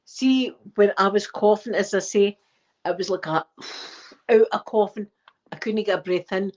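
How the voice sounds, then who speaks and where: A middle-aged woman with a Scottish accent chatting warmly and emotionally to her viewers, close to tears and short of breath. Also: medium pitch, fairly even intonation, moderate pace. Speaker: ASMR channel host. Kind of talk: casual heartfelt chat to viewers. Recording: dull lo-fi recording.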